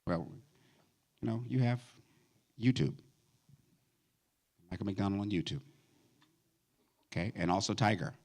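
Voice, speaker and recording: A man in his fifties performing a stand-up comedy routine at a gala, animated and breaking into high falsetto song snippets. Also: unhurried, gravelly, pauses often. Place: event stage before a live audience.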